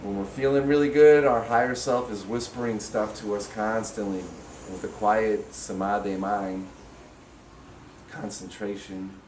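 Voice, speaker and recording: A man giving a casual spiritual teaching talk, animated and acting out inner voices with sudden loud, high bursts. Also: unhurried, a little hiss or hum. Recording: echoey room.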